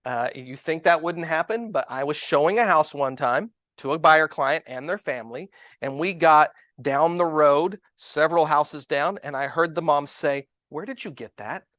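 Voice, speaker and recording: Animated man coaching real estate agents. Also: fairly high pitch, moderate pace, no echo. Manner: animated, storytelling, acts out quoted dialogue. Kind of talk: coaching seminar talk.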